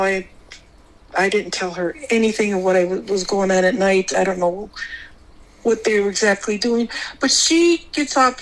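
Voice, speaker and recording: A middle-aged woman guest telling a personal experience on a podcast, rambling, restarting often, and jumping higher when she quotes others. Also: a bit bright, low-quality recording. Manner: rambling, full of restarts, jumps high when quoting others.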